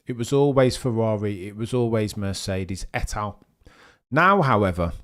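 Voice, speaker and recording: A man talking casually to his livestream viewers in a mid-pitched voice, answering them by name. He rambles in loose, chatty sentences into a desk microphone. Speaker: livestream host reading viewer chat.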